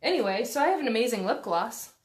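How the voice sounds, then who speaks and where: A woman's voice: fairly high pitch, very animated, fast talker. A woman chatting through a casual makeup tutorial, rambling and self-deprecating with lots of fillers, recorded on a phone at home. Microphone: phone camera.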